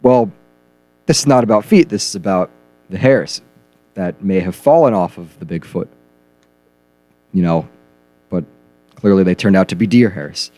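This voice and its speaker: A man co-hosting a comedy news radio show, reading stories and giving dry, deadpan reactions. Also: deep voice, moderate pace, long pauses, dry recording.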